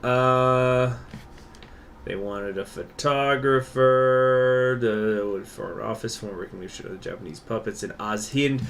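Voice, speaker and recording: A man chatting his way through a game stream in an unhurried drawl, wandering off on tangents and leaning on filler words. A faint hiss of background noise sits under his voice. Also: mid-range voice, gravelly. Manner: rambling, digressive, filler-heavy. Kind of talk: casual gameplay livestream commentary.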